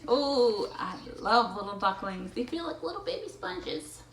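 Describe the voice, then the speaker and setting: A woman reading picture books aloud to a child, playful and animated, breaking into animal sounds. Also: mid-range voice, measured pace. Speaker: storytime reader. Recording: echoey room, faint noise.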